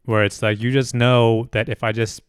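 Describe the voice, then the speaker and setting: A man's voice: medium pitch, flat delivery, moderate pace, clear, resonant tone, no room sound, clean studio sound. A man in casual chat, laid-back and musing, loose with his fillers.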